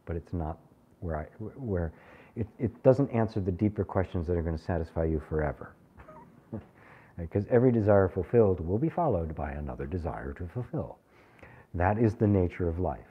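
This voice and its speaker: A man teaching a spiritual group, animated and laughing often as he acts out people's questions. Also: deep voice, breathy edge, narrow, tinny audio. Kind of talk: satsang talk to a live group.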